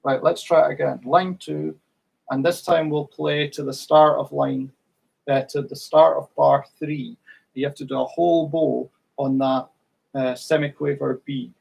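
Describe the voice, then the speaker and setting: A man's voice: a little high, little pitch movement, a little slow, creaky, darkish tone, breathy edge, rough recording. A man teaching fiddle in an online workshop, patiently counting in and singing rhythms.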